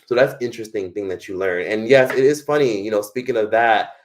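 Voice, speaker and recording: A man's voice: on the low side, fairly quick. A young American man hosting a live stream, talking casually in a rambling, profane way with lots of fillers. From United States.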